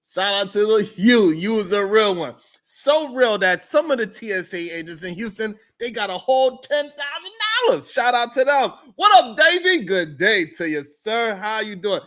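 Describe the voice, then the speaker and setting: A man's voice: sits high, sing-song, moderate pace, few pauses, fairly bright tone. A man hosting a casual morning livestream, greeting viewers and laughing often. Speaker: morning show host.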